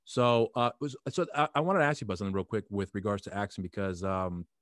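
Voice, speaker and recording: A man's voice: on the low side, fast talker, no room sound, studio quality. A man hosting an interview show, asking long questions full of hesitations and restarts, openly a fan. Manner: hesitant, many fillers and restarts, eager fan. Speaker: podcast host.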